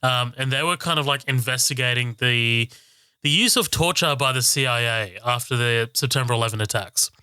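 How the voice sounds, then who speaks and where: A man co-hosting a film podcast, chatting loosely and profanely with laughs and quick self-corrections. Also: mid-range voice, sharp tone, smooth, no room sound. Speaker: podcast co-host and film reviewer. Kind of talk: casual film podcast chat.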